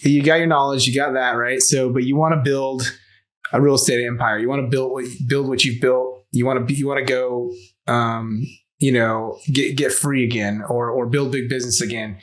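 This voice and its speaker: Relaxed man co-hosting a podcast. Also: mid-range voice, normal speed. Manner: relaxed, loose, with repeated restarts. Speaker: podcast co-host. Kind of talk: casual podcast interview.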